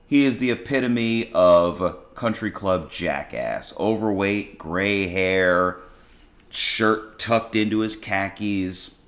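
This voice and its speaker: A man with a very deep voice tells a story in a casual monologue. His manner is blunt and exasperated, and he often restarts his sentences as he talks. He speaks as the host of his own show. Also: slow pace, a bit bright. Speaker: podcast host and restaurant worker.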